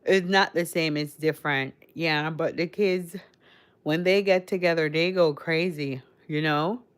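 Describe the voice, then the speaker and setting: Chatting loosely on a livestream, a woman talks directly to her viewers' chat in a rambling manner. Her accent combines Caribbean and American, reflecting a Caribbean origin and a Connecticut upbringing, and her low voice is clear, resonant, steady and a touch slow.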